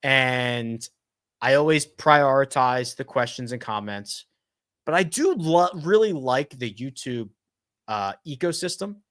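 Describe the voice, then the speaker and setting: A man hosting a casual live-stream chat, thinking out loud and correcting himself as he answers viewer questions. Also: medium pitch, no echo, clean studio sound. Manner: animated and chatty, thinks out loud with quick self-corrections. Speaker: host of a golf betting and fantasy live chat.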